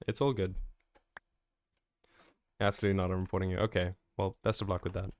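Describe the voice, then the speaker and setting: A man's voice: sits low, flat delivery, a little fast, a little hiss or hum. A man streaming a building game live, chatty and joking as he reacts to viewer messages. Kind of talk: live gameplay stream, answering chat.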